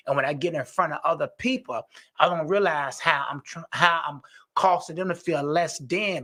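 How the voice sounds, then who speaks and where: Man, fairly high voice, bright tone, earnest, animated, casual conversation. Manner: earnest, animated, peppered with "you know". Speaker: recovery peer worker and sponsor.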